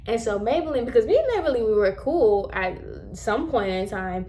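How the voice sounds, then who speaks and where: A woman in her twenties telling a casual story to camera, animated and emphatic as she acts out scenes. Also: fairly high pitch, fairly quick.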